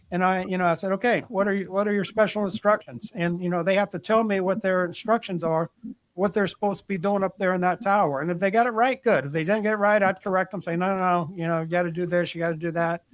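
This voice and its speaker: An older man recounts his army days in a casual, plainspoken way, often repeating words as he restarts a sentence. His voice sits fairly high for a man. The sound is close and dry, with no room echo. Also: steady tone, fast talker. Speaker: retired army general, podcast guest. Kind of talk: casual storytelling interview.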